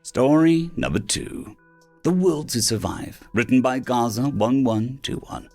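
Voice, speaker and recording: A man narrating science fiction stories as an audiobook reader, animated and putting on voices for the characters. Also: medium pitch, a little slow, soft background music. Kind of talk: scripted narration of sci-fi stories.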